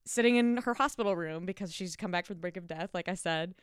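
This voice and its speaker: A woman's voice: on the low side, fast, clear, resonant tone, no room sound, clean studio sound. A young woman co-hosting a casual film chat, laughing often and swearing freely. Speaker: podcast co-host.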